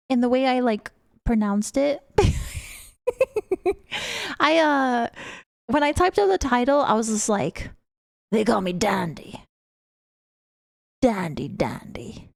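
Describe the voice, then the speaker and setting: A young woman with a British accent chats with her stream viewers in a high, bright register, greeting them and giggling often. She takes her time and lets each thought unfold. Her voice is close and dry on a desk mic, with almost no room sound. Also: no room sound. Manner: chatty, giggly, greets chat members. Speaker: VTuber streamer. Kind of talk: casual live-stream chat with viewers.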